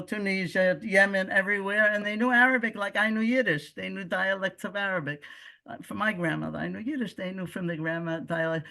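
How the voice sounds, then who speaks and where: Older Brooklyn woman telling stories. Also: lowish voice. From United States. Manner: lively anecdotal storyteller, frequent self-corrections. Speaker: guest speaker. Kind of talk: personal storytelling talk.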